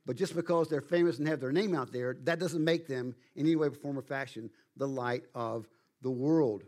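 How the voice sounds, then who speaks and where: A man preaching a sermon as pastor, speaking emphatically and slowing down to stress key words. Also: mid-range voice, darkish tone.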